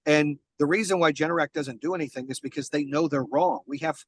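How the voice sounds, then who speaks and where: This podcast guest, a business founder, has a higher voice and speaks fairly quickly in a casual interview. Blunt and emphatic, he swears and frequently starts sentences over, and the recording is dry and low quality.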